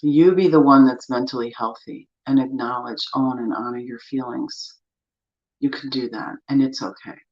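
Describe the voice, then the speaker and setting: A woman coaching listeners through grief with a gentle, soothing, encouraging manner and guided tapping. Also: extremely low pitch, fairly even intonation, normal speed. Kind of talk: guided self-help talk with tapping. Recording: slightly dull lo-fi sound.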